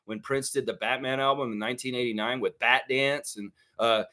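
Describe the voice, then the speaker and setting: Male host, casual live-stream banter, quick laughs, easygoing. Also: mid-range voice, fairly even intonation, sharp tone. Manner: chatty, laughs often, sings snippets, many fillers. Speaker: sports livestream host. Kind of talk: casual live chat reading viewer comments.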